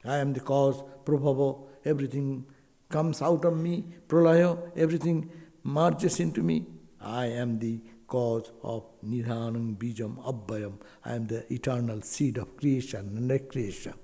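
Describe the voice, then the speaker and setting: A man delivers a slow, emphatic sermon, his voice gravelly and mellow. He quotes scripture and lifts his voice at key lines. The recording carries the long reverb of a hall. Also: mid-range voice. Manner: slow, emphatic delivery with Sanskrit terms and rising exclamations. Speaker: swami giving a spiritual talk.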